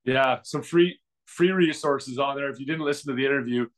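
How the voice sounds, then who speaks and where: Man co-hosting a podcast, relaxed casual chat, loose and rambling, lots of restarts and fillers, mid-range voice. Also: medium pitch, brisk. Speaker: podcast co-host.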